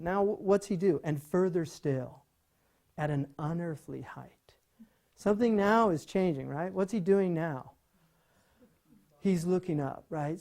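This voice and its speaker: Mellow-voiced man lecturing on poetry. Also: high-pitched, creaky. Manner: rhetorical questions, frequent "right?"; animated, conversational teaching.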